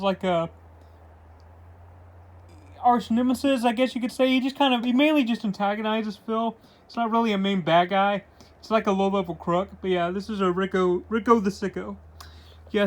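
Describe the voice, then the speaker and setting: A man giving a casual comic book review, retelling the plot with lots of "like" and "uh" and paraphrasing the characters' lines in his own voice. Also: high-pitched. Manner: rambling retelling full of "like" and "uh".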